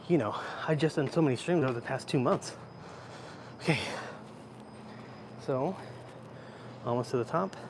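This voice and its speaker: A man's voice: medium pitch, noisy background. Chatty man livestreaming on a phone. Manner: chatty, rambling, answers chat as he goes. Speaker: live-streamer. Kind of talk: casual live-stream chat while walking. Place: indoor library, then outdoor rooftop. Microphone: handheld phone.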